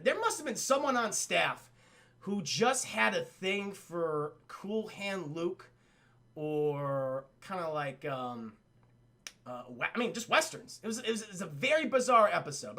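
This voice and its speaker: A young man recaps a cartoon episode for his live chat, excitable and profane. His voice sits high and swings widely, with a gravelly edge. He talks with a bright, forceful tone. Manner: excitable, swearing, acts out characters mid-recap with laughs. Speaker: streamer reviewing a cartoon episode.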